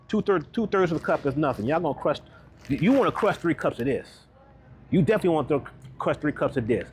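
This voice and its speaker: Chatting casually as he shops, a male wellness coach walks the grocery aisles and checks in with viewers using a quick "right?" in his upbeat vlog. He has a fairly high pitch, and there's slight noise in the background.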